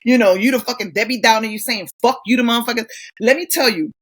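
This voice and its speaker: Middle-aged woman co-host, brash and profane, lively storyteller, casual banter. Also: a little high, fast. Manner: blunt, profane, animated storytelling. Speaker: podcast co-host. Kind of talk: casual chat.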